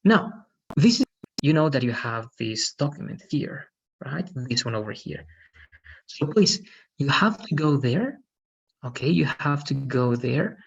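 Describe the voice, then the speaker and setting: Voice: medium pitch, animated, measured pace, gravelly, slightly rough, muffled recording. An English teacher running an online lesson, patiently correcting students' pronunciation. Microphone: video call.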